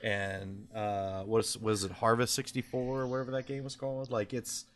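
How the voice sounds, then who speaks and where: A man with a low voice talks in a loose, opinionated ramble. He is a podcast co-host, and fillers and restarts run all through his talk. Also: level tone, normal speed, fairly bright tone, slight background noise. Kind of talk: casual chat.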